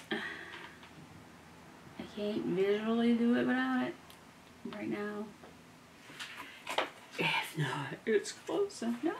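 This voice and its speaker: Soft-muttering woman crafting. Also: medium pitch, creaky. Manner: muttering half-whispered asides while she works. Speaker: crafting vlogger. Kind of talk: casual craft demo talk. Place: home craft desk. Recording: noisy home recording.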